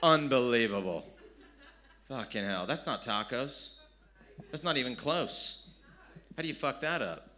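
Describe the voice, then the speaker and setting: A man's voice: medium pitch, lively intonation, a little slow, long pauses, pushed and bright. A man from San Diego, performing brash, profane stand-up with crowd work at a live comedy venue. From San Diego, California.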